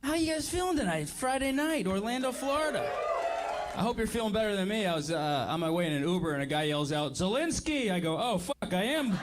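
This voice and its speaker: A man's voice: sits high, lively intonation, fast talker. A man doing a brash, crude stand-up comedy set on a club stage. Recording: live club with loud crowd and noise.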